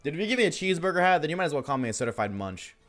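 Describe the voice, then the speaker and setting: A man's voice: fairly high pitch, big pitch swings, racing, a bit bright, soft background music. A tired man streaming a game live, yawning and rambling jokily to his chat. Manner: rambling, jokey, talks to chat. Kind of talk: casual live-stream chat while gaming.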